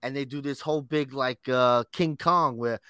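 A man's voice: medium pitch, moderate pace, pushed and bright, clean tone, no room sound, studio quality. A man co-hosting a podcast in casual chat, enthusiastic and calling his co-host "bro".

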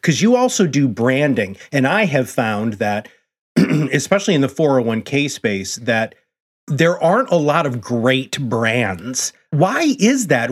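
A man with a middling pitch and a lively, swooping intonation hosts a podcast interview. He puts his questions casually and searches for words as he goes. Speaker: podcast host.

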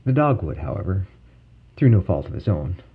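Man, low deep voice, very mellow, solemn measured storyteller, lo-fi muffled sound, faint birds behind. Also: very animated, creaky, breathy edge. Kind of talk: scripted narration of a legend. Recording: dull lo-fi recording with faint birdsong.

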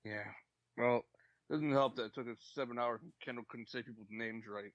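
A man with a mid-pitched, ordinary voice trading banter on a podcast. He talks bluntly, teases the others and swears freely. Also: brisk, a bit bright, muffled recording. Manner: profane, teasing, blunt. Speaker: podcast co-host. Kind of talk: casual banter.

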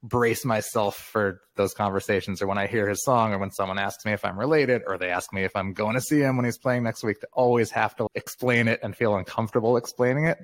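Interview guest, man, 50s, low voice, candid and reflective, dry close mic. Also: no room sound. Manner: candid, reflective, laughs often. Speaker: guest author. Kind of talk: casual interview talk.

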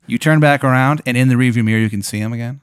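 A man's voice: mid-range voice, rapid-fire, clean tone, dry recording, clean studio sound. Man rambling through an absurd comic story. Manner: rambling, filler-heavy narration. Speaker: host.

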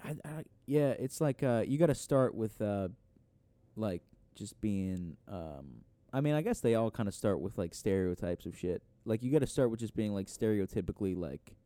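A man's voice: on the low side, animated, normal speed, dark tone, dry recording. A man co-hosting a casual podcast, rambling with lots of fillers and swearing. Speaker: podcast co-host.

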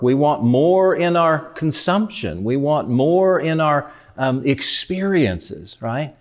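A man's voice: a little high, darkish tone. A man giving a reflective motivational talk in a conversational way, often putting rhetorical questions to his listeners. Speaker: speaker.

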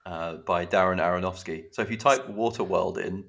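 Low-voiced man hosting a chatty podcast. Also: moderate pace, gravelly, a bit bright. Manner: chatty, swears casually, acts out film scenes. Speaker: podcast co-host. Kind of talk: casual chat.

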